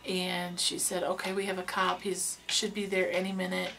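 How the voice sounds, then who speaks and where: A woman's voice: fairly low pitch, completely flat delivery, normal speed, vocal fry, sharp tone, slight background noise. A young woman, a beauty vlogger, telling a true story in a casual, chatty way with lots of fillers and restarts.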